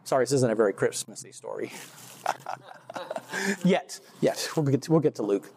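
A man's voice: medium pitch, big pitch swings, measured pace, gravelly, long pauses, noisy background. A man giving an informal, rambling faith testimony to a group, often restarting his sentences and laughing at himself. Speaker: church speaker.

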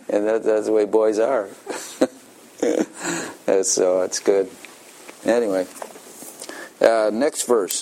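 Older man, preacher, slow delivery, folksy, chuckles through his stories. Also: fairly low pitch, a little mellow. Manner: folksy storytelling, chuckling often. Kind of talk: sermon.

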